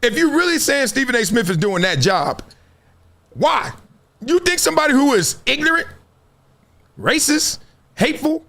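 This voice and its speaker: A man's voice: extremely high pitch, sing-song, normal speed, gravelly, sharp tone. A middle-aged man hosting a live sports talk stream from home, reacting to chat with emphatic build-ups and frequent laughs. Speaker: host of a sports talk livestream. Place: home studio.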